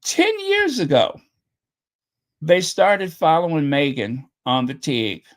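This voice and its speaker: A man's voice: fairly high pitch, huge pitch swings, slow pace. A man hosting a channel, giving casual reaction commentary in a chatty, openly emotional way, often repeating himself, his voice a little strained. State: voice getting strained. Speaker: channel host reacting to video clips.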